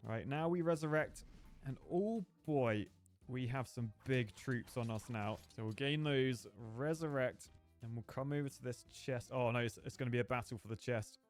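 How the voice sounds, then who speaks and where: Over faint background music, a young man streams his gameplay with running live commentary. His mid-pitched voice is chatty and playful, and he gets excited quickly.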